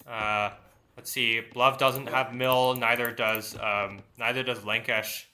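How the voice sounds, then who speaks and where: Bright-voiced man commentating a strategy game. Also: medium pitch, little pitch movement, takes it slowly. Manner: thinking aloud with many fillers. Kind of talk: esports commentary.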